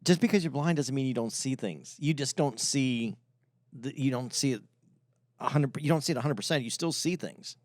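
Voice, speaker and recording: A man's voice: medium pitch, normal speed, darkish tone, no room sound, clean studio sound. A man co-hosting a podcast, chiming in matter-of-factly. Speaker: podcast co-host. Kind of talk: casual podcast banter.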